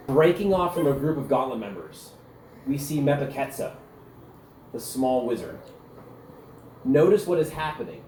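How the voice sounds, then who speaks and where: A man's voice: mid-range voice, a little mellow, a little hiss or hum. A man as game master narrating a tabletop game in a loose, descriptive way, with frequent filler words. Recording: echoey room with faint ambience.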